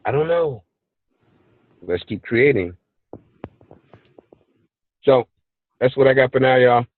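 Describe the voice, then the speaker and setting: A man's voice: medium pitch, slow, phone-quality sound. A man hosting a team call, talking casually and energetically, telling stories and urging listeners on. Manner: energetic, storytelling, plays out voices in quotes. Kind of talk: casual motivational talk. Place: hot place, remote recording.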